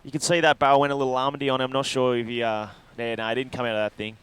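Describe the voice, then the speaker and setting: A man's voice: mid-range voice, flat delivery, rapid-fire, fairly bright tone, smooth. A man giving loose, rambling live commentary on a surf contest, breaking down each ride. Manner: loose, rambling analysis with fillers.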